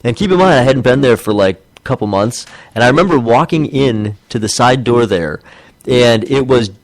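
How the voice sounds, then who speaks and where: A casual, animated male podcast co-host in his thirties, mid-pitched and recorded with a dry, close sound. He tells stories with lively energy and throws himself into quoted voices. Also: normal speed, vocal fry, dry recording. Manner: animated storyteller, acts out quotes. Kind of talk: casual chat.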